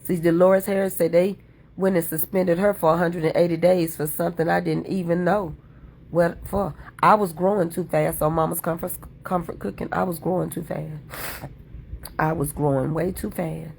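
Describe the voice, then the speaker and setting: Fervent gravelly woman preaching on livestream. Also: fairly low pitch, fairly even intonation, moderate pace, a little mellow. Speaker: livestream content creator. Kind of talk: impassioned livestream talk.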